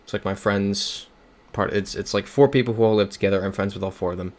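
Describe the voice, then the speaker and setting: A man's voice: fairly low pitch, fairly even intonation, fast talker, a little mellow. A young man chatting casually on a livestream while playing a geography game. He rambles through stories and reads viewer comments aloud.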